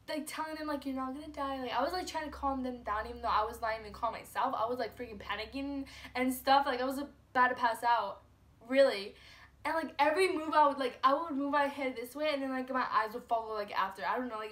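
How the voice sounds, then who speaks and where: A woman's voice: high voice, bright, forceful tone. A young woman vlogger telling a personal story in a casual, filler-heavy way, full of "like" and "you know". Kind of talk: storytime vlog.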